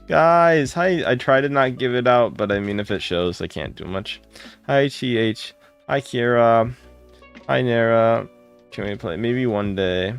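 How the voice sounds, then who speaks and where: A man with a gravelly, creaky voice chats casually on a live game stream. He greets viewers one by one and gushes with thanks. Faint music plays behind him. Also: medium pitch, measured pace. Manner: greets viewers by name, excitable and gushing.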